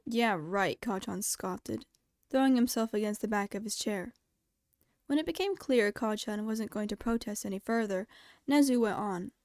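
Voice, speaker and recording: A woman reading fan fiction aloud as a podfic, with steady, clear storytelling narration. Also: medium pitch, normal speed, no room sound, studio quality. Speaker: podfic reader.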